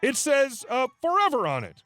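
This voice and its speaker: A man voicing a brazen, pushy woman customer who lies, in a high, excited, demanding tone. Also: moderate pace, no echo, soft background music, exaggerated voice.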